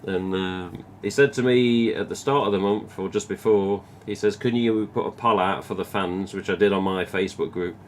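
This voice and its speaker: Hardly pausing and at a normal speed, this lowish-voiced Midlands man from England chats his way through a home live stream. He reads viewer comments aloud, swears freely and keeps wandering off topic, with a faint room hiss in the background.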